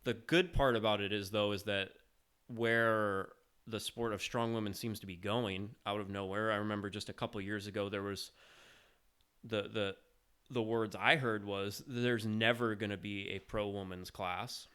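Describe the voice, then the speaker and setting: Smooth low-voiced male podcast host. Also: fairly even intonation, moderate pace, fairly bright tone. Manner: rambling, hesitant, many restarts. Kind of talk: casual interview chat.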